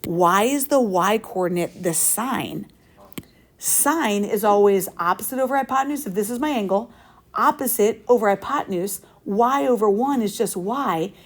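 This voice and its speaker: A woman's voice: medium pitch, expressive, normal speed. A woman teaching a math lesson in a classroom, upbeat and playful, often asking the class questions. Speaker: high school math teacher. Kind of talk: classroom lecture.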